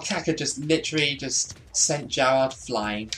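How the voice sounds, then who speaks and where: A young man casually commenting on his gameplay, chatty and self-deprecating, laughing often and bursting out excitedly at goals. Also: mid-range voice, normal speed, slight background noise. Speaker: gaming YouTuber.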